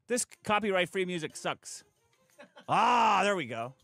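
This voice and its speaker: A high-pitched man with a lively, bouncing voice hams his way through an email in a silly pirate drawl, laughing between lines. His bright, tense tone sits close and dry on the mic, over faint music. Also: normal speed, dry recording. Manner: reads an email in a hammy pirate voice, laughs a lot. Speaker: streamer reading an email on stream. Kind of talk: clip of a livestream, playful reading.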